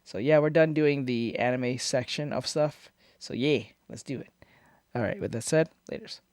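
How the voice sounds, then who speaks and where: A man hosting a reaction video, shouting and swearing at scary moments and mumbling his asides between them. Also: medium pitch, normal speed, dry recording, studio quality. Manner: loud swearing outbursts and screams, then mumbling asides. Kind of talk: casual reaction commentary. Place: home recording room with foam treatment. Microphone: desk microphone.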